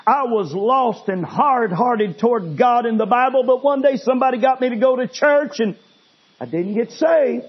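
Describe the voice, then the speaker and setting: A man preaching a sermon, telling a story dramatically and swinging between loud intensity and hushed pleading. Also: very high-pitched, normal speed, breathy edge, lo-fi sound.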